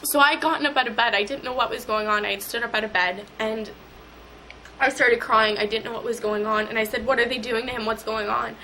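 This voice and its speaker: A young woman telling an emotional personal story in an interview, halting and repeating herself. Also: fairly high pitch, fairly even intonation, sharp tone, slight background noise, low-quality recording.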